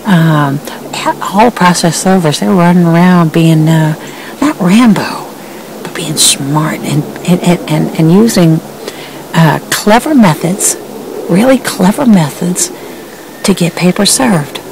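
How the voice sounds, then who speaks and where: A woman with a low, gravelly voice tells process-serving stories in a loose, rambling way, full of fillers and little laughs. She sounds set back from the microphone, with a faint hum of ambience behind her. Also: takes it slowly, far from the mic. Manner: rambling, chatty, many fillers and restarts; laughs between sentences. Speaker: process server promoting a servers' site. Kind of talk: casual storytelling vlog.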